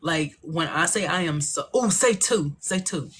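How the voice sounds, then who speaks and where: A woman with a country northern Louisiana accent chats playfully on her phone livestream, teasing and reading out viewer comments. Her voice sits low, with a faint hum of noise behind it. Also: expressive. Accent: northern Louisiana Southern. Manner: playful, chatty, teasing, quick asides. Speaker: livestream host.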